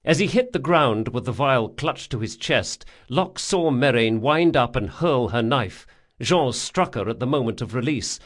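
Expressive male audiobook narrator. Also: mid-range voice. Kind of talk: scripted narration.

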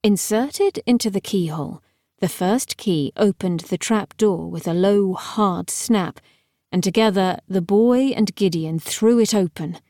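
A woman narrating an audiobook in a wry, even storytelling manner. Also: medium pitch, unhurried, no echo. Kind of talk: scripted narration. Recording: dry, close studio sound.

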